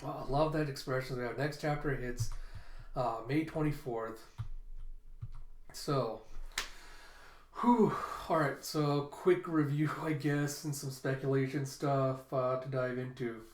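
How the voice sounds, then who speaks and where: A man's voice: mid-range voice, fairly even intonation, slow pace, roomy sound, a little hiss or hum. A man casually reading a manga chapter aloud and reacting to it, giving the characters' lines light inflections.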